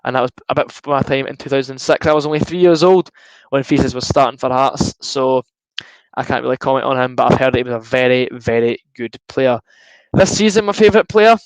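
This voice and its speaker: A man's voice: mid-range voice, smooth, no echo, poor audio. A young man hosting a live football watchalong, chatting casually and answering viewer comments. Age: young adult. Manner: chatty, reads out viewer comments, bursts into excited shouts at goals.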